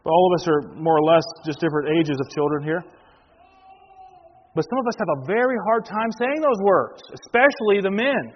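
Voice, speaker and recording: A man's voice: high voice, lively intonation, a little fast, slight background noise. Man preaching a conversational sermon. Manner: conversational preaching, asks the congregation questions, repeats words. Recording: muffled church recording with reverb.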